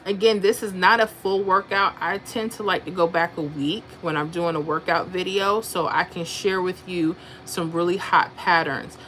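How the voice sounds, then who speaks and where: A woman with a lowish, fairly bright voice hosts a casual lottery livestream, reading out viewer comments and thinking through number patterns aloud. She speaks at a moderate pace with fairly even intonation and hardly any pauses, over slight background noise. Her manner is chatty.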